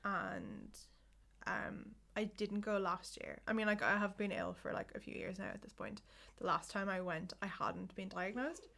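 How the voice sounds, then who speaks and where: A woman co-hosting a podcast in a loose, rambling chat, with many "like"s and "um"s. Her voice has plenty of vocal fry and a gravelly edge, at a middle pitch. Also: animated, moderate pace, a bit bright. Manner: rambling, full of "like" and "um". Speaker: podcast co-host. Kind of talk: casual chat.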